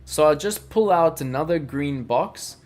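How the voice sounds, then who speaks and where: A man's voice: fairly high pitch, animated, unhurried, darkish tone, soft background music. A man hosting a live crypto trading stream, talking energetically through charts and answering viewers in chat. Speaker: crypto livestream host.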